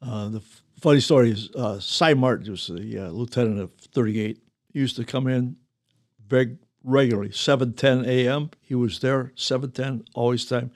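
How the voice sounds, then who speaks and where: A man's voice: medium pitch, normal speed. An older man, a retired firefighter telling rambling, chuckling stories. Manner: rambling, chuckling anecdotes with restarts. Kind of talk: casual storytelling.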